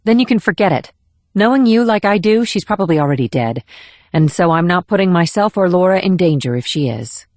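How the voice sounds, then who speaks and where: A woman's voice: on the low side, expressive, fairly quick, a little mellow, dry recording, lightly acted. A woman playing a blunt, defiant ex-assassin. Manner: clipped, defiant.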